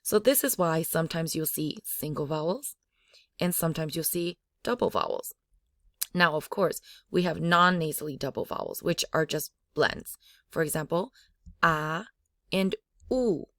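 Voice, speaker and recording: A woman's voice: deep voice, lively intonation, moderate pace, fairly bright tone, no echo, studio quality. A woman teaching a language lesson, repeating each sound aloud to demonstrate it. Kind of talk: slow spoken language lesson.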